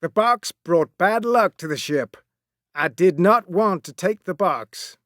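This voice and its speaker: A man's voice: high-pitched, expressive, slow pace, fairly bright tone, no echo, studio quality, voice pushed up, exaggerated voice. A man voicing a stern male ship captain who barks commands, in a storybook reading. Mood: grave. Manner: barking orders.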